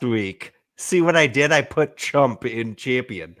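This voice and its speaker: A man's voice: medium pitch, animated, takes it slowly, hardly any pauses, fairly bright tone, no room sound, studio quality. A man hosting a casual podcast, trash-talking his friends with profane, mock-outraged rants. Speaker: podcast host. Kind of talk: casual chat.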